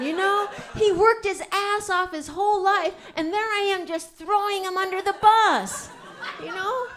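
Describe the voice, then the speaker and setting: A woman's voice: very high-pitched, unhurried, crowd noise. A middle-aged woman doing a stand-up comedy set, telling brash, profane stories. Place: comedy club stage.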